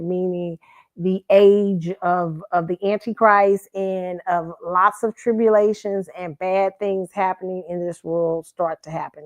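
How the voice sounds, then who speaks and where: A woman's voice: lowish voice, no echo. A woman hosting a commentary stream, telling stories in a chatty, rambling way and often correcting herself mid-sentence. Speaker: host. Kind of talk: casual commentary and storytelling.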